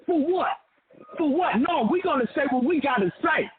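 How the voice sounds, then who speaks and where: A fired-up male caller on a sports talk show, emphatic and fond of repeating himself for effect. His voice sits very high. He comes through a thin phone line with a crowd clearly audible behind him. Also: lively intonation, moderate pace.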